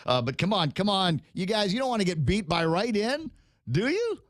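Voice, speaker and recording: A man's voice: sits high, sing-song, normal speed, no echo, clean studio sound. A man hosting a morning radio talk show, chatty and joking, often restarting his sentences and laughing at his own jokes. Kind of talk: casual morning radio chat.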